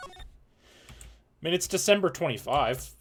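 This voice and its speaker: A man's voice: a little high, lively intonation, unhurried, slight background noise. A man casually reading a game's dialogue aloud and joking with a co-host on a stream. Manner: reads lines and jokes with a co-host. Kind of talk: casual let's-play reading and chat.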